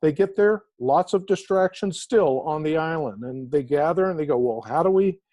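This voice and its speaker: A man being interviewed as an author who tells an inspirational story with animated emphasis, slowing down to stress key words. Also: fairly high pitch, no room sound, highs cut off.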